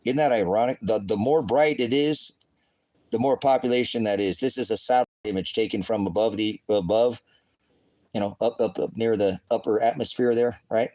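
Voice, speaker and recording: A man's voice: on the low side, moderate pace, mellow, rough recording. A middle-aged man preaching in casual livestream commentary, rambling, firing off rhetorical questions and breaking into profane outbursts. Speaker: online preacher.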